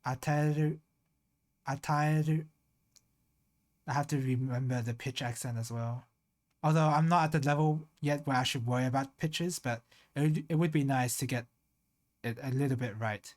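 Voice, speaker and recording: A streamer thinking aloud in casual live-stream talk, slowly sounding out Japanese words syllable by syllable and trailing off into mutters. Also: mid-range voice, steady tone, a little mellow.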